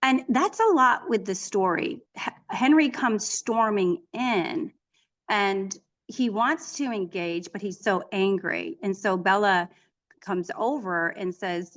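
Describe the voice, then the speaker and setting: Woman, middle-aged, interview guest, chatty, animated storyteller, mid pitch. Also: slow pace. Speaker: author and equine therapist, guest. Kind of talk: casual interview conversation.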